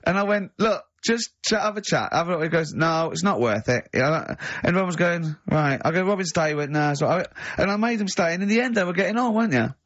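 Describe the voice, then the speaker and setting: A man hosting a radio show, chatting casually and telling animated stories with high-pitched impressions of friends. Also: quick pace, few pauses, no room sound. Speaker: radio host. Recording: dry, lo-fi radio studio recording.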